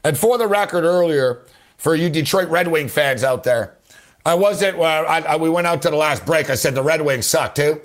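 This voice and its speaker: A man with a somewhat raised voice hosts sports betting talk radio, rambling in loose slang and cutting himself off mid-thought. He sounds excitable and casual, jumping between points. The delivery is unscripted and chatty. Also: on the high side, moderate pace.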